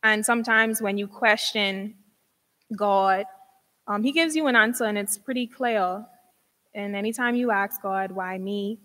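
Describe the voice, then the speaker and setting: A woman's voice: medium pitch, a little slow, a bit bright. A young woman, an outgoing university pageant queen, giving a sincere, conversational farewell speech. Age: young adult.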